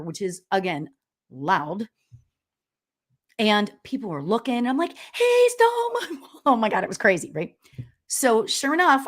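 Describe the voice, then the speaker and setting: A middle-aged woman hosting a live stream as a spiritual medium, chatting casually and telling stories loudly with lots of laughs and "you know?". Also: mid-range voice. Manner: loud, animated storyteller with frequent laughs and "you know?". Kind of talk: casual livestream chat reading viewer comments.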